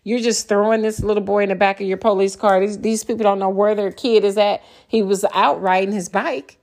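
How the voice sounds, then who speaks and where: Fairly quick and steady, her medium-pitched voice carries a darkish tone as she rants angrily and bluntly, swearing throughout. The speaker is an older podcaster with grown children and grandchildren, going it alone in an impassioned monologue.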